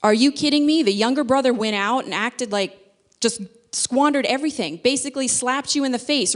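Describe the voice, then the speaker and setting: A woman's voice: a little high, natural voice. A woman voicing a resentful grown older brother, complaining in an exasperated way.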